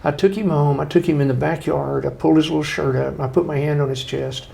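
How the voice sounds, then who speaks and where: A man's voice: a little high, fast, gravelly. A middle-aged man, a guest author telling folksy stories in a conversational interview, acting out the voices of people he quotes. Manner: folksy, animated storytelling with acted-out quotes.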